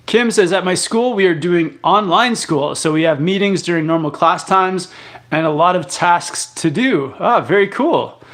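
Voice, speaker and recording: Young man, slightly high voice, laid-back rambling live chat, lots of ums and restarts. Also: normal speed. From Canada. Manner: relaxed, rambling, many fillers and restarts. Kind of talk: casual live stream chat reading viewer comments.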